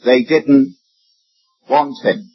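A man's voice: mid-range voice, steady tone, extremely slow, breathy edge. A man preaching a sermon, emphatic, his voice rising and dropping sharply for effect. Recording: dull lo-fi recording.

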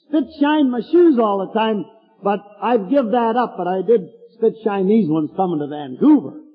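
A man's voice: sits high, husky. An older man preaching a folksy storytelling sermon with chuckling asides, heard through a tinny, echoey hall recording.

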